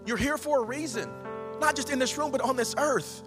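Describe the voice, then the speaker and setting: Bright-voiced high animated preacher man. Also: fairly quick. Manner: animated, preaching with humor and sudden swings from loud to hushed. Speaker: pastor. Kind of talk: sermon. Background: band music.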